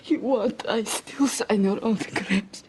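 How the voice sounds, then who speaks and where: A woman's voice: medium pitch, measured pace, a little mellow, breathy edge. An actress playing a clinging immigrant stage mother who speaks broken English and pleads emotionally with her daughter. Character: strong-willed immigrant stage mother, older. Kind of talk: TV movie drama.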